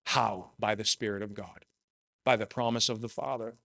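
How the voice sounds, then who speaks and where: A man's voice: lowish voice, steady tone, normal speed, creaky, fairly bright tone, no room sound, studio quality. A man preaching a sermon, earnest and personal, repeating phrases for emphasis. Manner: shares personal testimony.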